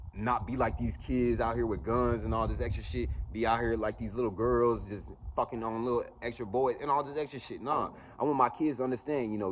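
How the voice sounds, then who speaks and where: A man's voice: mid-range voice, a little hiss or hum. A man in his twenties giving a blunt, profane motivational monologue as a vlogger. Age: 20s. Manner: blunt, profane, preachy pep talk.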